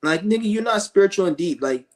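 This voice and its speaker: Profane ranting man, somewhat high voice. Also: expressive, quick pace. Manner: profane, scornful, rambling rants. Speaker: streamer. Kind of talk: ranting commentary.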